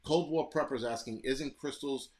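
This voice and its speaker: A man's voice: medium pitch, moderate pace. A man from the United States hosting a live stream, ranting bluntly and profanely while answering chat comments. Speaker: livestream host reading chat.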